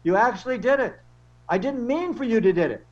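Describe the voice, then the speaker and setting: A man's voice: extremely high pitch, lively intonation, brisk, darkish tone, dull audio, voice pushed up. A man voicing a cranky, scolding old wife from a cartoon book.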